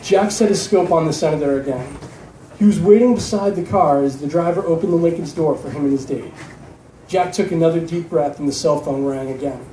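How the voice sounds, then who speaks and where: A man reads his fiction aloud at a live event, telling the story in a steady way. His voice is fairly high and mellow, caught from a distance in an echoey room with faint ambience behind. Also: a little fast, slight background noise. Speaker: author reading his novel.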